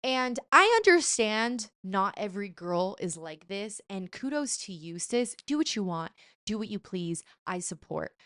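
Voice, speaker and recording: A young woman vlogging in a chatty, animated, self-mocking way, sometimes slipping into playful put-on voices. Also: medium pitch, measured pace, no echo, studio quality. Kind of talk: casual chat.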